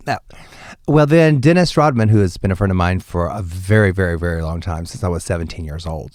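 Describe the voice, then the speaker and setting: A man guest, a drag performer, telling stories in a casual interview with a lively, campy manner and bursts of laughter. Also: brisk, no echo, studio quality. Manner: animated, campy, laughs often, jumps up in pitch.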